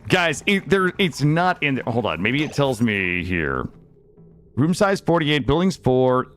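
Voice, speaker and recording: A man streaming live, giving excitable and loud gameplay commentary to his chat. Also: mid-range voice, measured pace, faint music behind.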